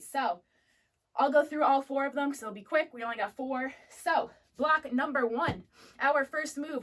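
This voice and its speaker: A young woman instructor cues moves in an upbeat coaching manner while she works out, sniffly and catching her breath. Her voice sits fairly high. She sounds set back from the microphone in a fitness studio. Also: fairly bright tone. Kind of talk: live workout class cueing. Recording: voice distant from the mic.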